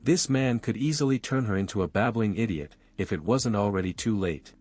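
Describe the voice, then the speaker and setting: A man narrating a romance audiobook with smooth, even storytelling. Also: on the low side, moderate pace, few pauses, faint music behind.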